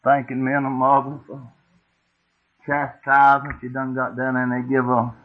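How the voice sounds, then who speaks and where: Folksy preacher on tinny tape. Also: male voice, medium pitch, completely flat delivery, normal speed. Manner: folksy, homespun, asks the congregation questions. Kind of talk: sermon storytelling. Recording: tinny phone-like old tape.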